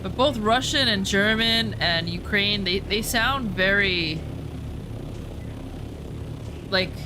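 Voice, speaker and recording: A woman's voice: medium pitch, unhurried, background noise. A woman in casual chat, reacting to a show, rambling with lots of "like" and restarts.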